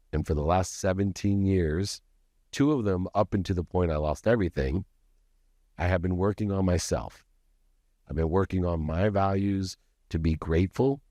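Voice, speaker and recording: Deep-voiced man telling an intense confessional story. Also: warm tone, dry recording, studio quality. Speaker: podcast guest. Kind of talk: personal storytelling in an interview.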